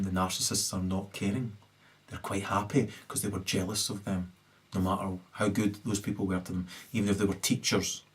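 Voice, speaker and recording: A man delivering a rambling solo rant, swearing heavily and tagging "right?" onto his sentences, lurching from loud high bursts to low mutters. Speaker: solo video commentator.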